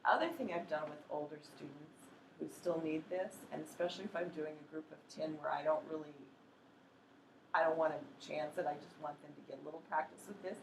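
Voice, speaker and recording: A woman training teachers in a workshop, explaining in a practical, chatty way and slowly sounding out words to demonstrate. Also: low voice, reverberant, noisy background. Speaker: literacy educator training teachers.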